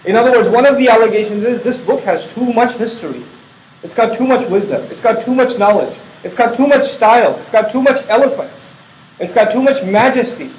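Brief: middle-aged male teacher, high voice, casual explanatory lecture, roomy echo, faint hiss. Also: lively intonation, a little fast. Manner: conversational, asks the audience rhetorical questions. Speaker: Quran teacher. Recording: echoey lecture room.

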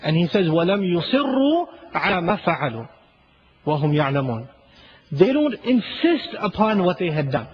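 Male lecturer, rapid conversational delivery, dull lo-fi sound. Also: sits high, slight background noise. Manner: chatty, keeps asking "right?", chuckles often. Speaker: Islamic lecturer.

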